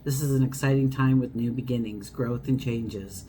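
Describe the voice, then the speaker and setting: A woman's voice: very deep voice, fairly even intonation, moderate pace, dark tone, a little hiss or hum. A woman giving a casual tarot horoscope reading, chatty and wandering, acting out everyday scenes as she talks. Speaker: tarot reader.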